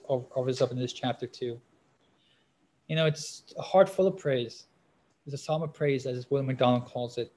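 A man preaching a sermon with a slightly high voice. He halts often on fillers and restarts, then gets louder when he reads scripture aloud.

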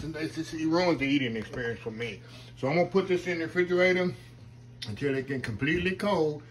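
A folksy man talks viewers through a dessert in a casual cooking vlog, calling out "y'all" as he goes. His voice is bright and forward. A faint hiss of noise sits under the recording. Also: fairly high pitch, low-quality recording. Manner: folksy, chatty, keeps addressing viewers as y'all. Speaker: home cooking channel host.

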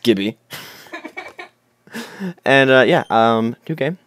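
A man's voice: medium pitch, slow, slight background noise. A young man hosting a casual let's play, chatting loosely, swearing and reading game text aloud in silly voices. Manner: goofy, swears, shouts character names.

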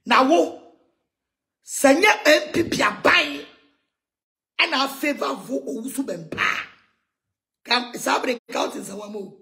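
A Ghanaian woman ranting heatedly in a mocking tone, shouting insults and laughing between lines. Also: sits high, expressive, slow, vocal fry, pauses often. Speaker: self-styled prophetess ranting on video. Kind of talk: heated rant in Twi and English.

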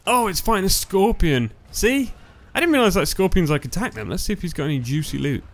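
A man commentating his own gameplay, excitable and yelling at setbacks, his voice going hoarse on a close, loud mic. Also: high-pitched, a little fast. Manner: excitable, yelling when dying in game. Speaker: gaming YouTuber. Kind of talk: let's play commentary. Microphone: close headset or desk mic, loud. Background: faint background music.

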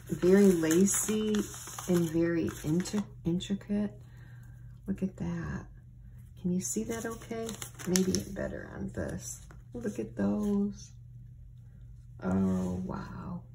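A woman's voice: lowish voice, a little hiss or hum, low-quality recording. A woman papercraft vlogger unboxing craft mail and gushing over each item to her viewers. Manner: gushing, excited, often breathy exclamations. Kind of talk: casual unboxing chat to viewers.

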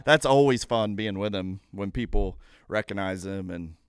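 A man telling stories as a podcast guest in a casual, animated way. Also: moderate pace, clear, resonant tone, no echo, studio quality. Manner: animated, jumps into high-pitched impressions. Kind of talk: casual storytelling. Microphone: studio mic.

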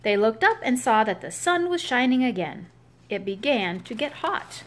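A woman reads a children's picture book aloud in a fairly high voice. Her melody swings widely and expressively, as if she is holding young listeners' attention. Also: normal speed. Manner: expressive, gives each animal its own voice. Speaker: storybook reader.

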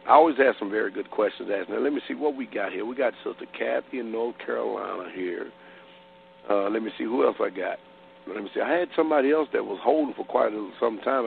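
Give me a man, a pastor hosting a call-in radio show, with a gravelly voice and a conversational way of talking. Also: lowish voice, a little hiss or hum. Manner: plain-spoken, conversational preaching. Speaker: radio pastor and host taking calls. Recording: tinny phone-line sound.

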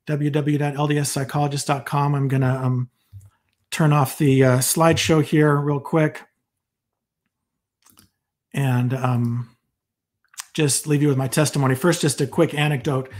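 Husky-voiced man giving an earnest devotional talk. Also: a little high, a little mellow. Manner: earnest and enthusiastic, casual asides. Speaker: psychologist giving a fireside talk. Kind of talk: devotional fireside talk with testimony.

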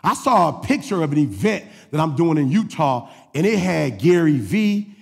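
A man preaching a sermon as pastor, swinging between shouted exhortation and low confiding asides. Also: very animated, normal speed, gravelly, breathy edge, long reverb tail.

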